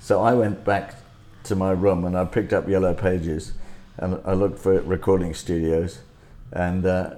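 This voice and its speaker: A man recounting music-industry stories in a halting way, often repeating words. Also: deep voice, mellow. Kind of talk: casual chat, anecdotes.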